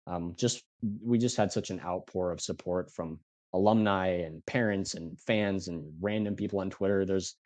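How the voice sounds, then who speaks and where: A man's voice: deep voice, fairly even intonation, moderate pace, darkish tone, dry recording. A young man, a student team captain, speaking as a podcast guest in a hesitant, earnest way with many fillers. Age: young adult. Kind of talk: casual podcast interview.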